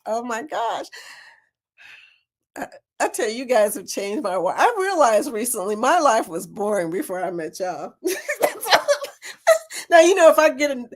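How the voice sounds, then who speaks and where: Bubbly laughing woman host. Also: a little high. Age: older. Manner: bubbly, laughs often, talks to viewers by name. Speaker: livestream host. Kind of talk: casual live chat.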